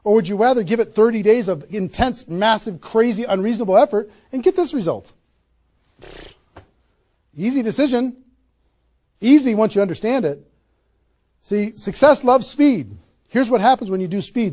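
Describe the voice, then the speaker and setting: A man giving a motivational network marketing seminar to a small audience, energetic and emphatic, with many rhetorical questions. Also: high-pitched, moderate pace.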